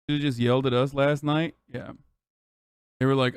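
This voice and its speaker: A man streaming a casual reaction, ranting in an exasperated, profane and animated way. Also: medium pitch, normal speed, long pauses, smooth, dry recording, studio quality.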